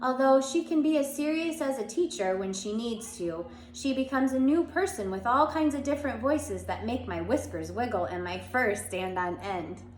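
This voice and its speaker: A woman's voice: a little high, lively intonation, normal speed, hardly any pauses, a little mellow. A woman reading a children's chapter book aloud with small slips and restarts, voicing the characters as she goes, a bit stuffy from allergies and coughing now and then. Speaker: reader. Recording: echoey room, faint background hum.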